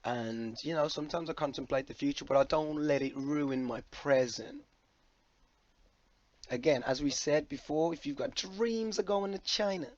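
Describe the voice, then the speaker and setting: A man's voice: fairly high pitch, moderate pace, no room sound, muffled recording. A man talking to camera in a loose, rambling, jokey monologue, swearing freely. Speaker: vlogger.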